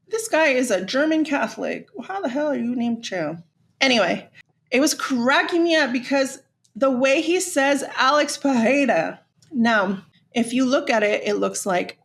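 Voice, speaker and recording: A young woman hosts a casual podcast, chatty and gossipy, dropping swear words freely. Her voice has plenty of vocal fry at a mid pitch. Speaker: podcast host.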